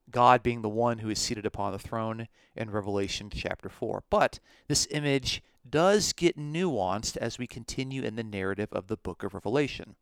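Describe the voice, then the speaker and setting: A man with a smooth, somewhat low voice teaches scripture at an unhurried pace. He leans on key words for emphasis and reads out Greek. The recording is close and dry, with no room sound. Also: fairly bright tone, dry recording. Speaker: Bible teacher.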